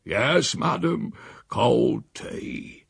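A man voicing an old, rough, easygoing gravedigger who talks back slyly and coaxingly while reading a story aloud. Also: fairly high pitch, sing-song, drawn-out words, no echo, clean studio sound, pitched above the performer's own voice, heavily acted. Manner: sly, unbothered, coaxing.

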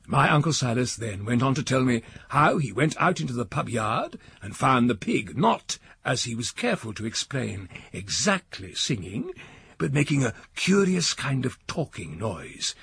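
A man narrating a story in an audiobook reading, slow and richly expressive. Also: medium pitch, creaky, slightly rough.

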